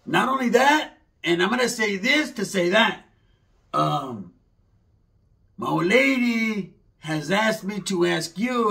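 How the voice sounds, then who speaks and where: A man's voice: sits high, creaky, bright, forceful tone, heavily acted. A man voicing a stoned young cousin who mumbles and stammers through a favor. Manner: stammering, mumbling, full of ums and restarts.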